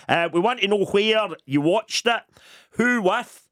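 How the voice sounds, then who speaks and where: Chatty Scottish radio host, dry studio sound. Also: male voice, sits high, lively intonation, unhurried, a bit bright, dry recording. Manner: chatty, jokey, asks listeners to get in touch. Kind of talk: casual radio phone-in chat.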